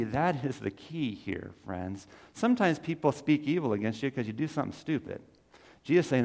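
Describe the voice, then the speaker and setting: A man's voice: mid-range voice, expressive, normal speed, a little mellow. Male pastor, mid-range voice, earnest preaching in a reverberant church hall. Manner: earnest preaching, rising to emphatic peaks. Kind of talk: sermon.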